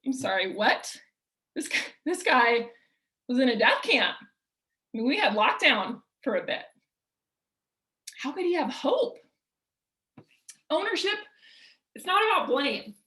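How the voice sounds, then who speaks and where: A woman's voice: high-pitched, sing-song, slow pace, long pauses, pushed and bright. A woman leading a motivational workshop over a video call, speaking in an emphatic, punchy way and asking rhetorical questions. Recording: roomy echo.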